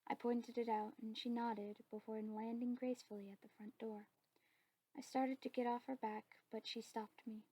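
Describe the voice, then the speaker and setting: A woman narrating her own story in a soft, steady whispered role-play. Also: fairly high pitch, moderate pace, slightly rough, dry recording, poor audio.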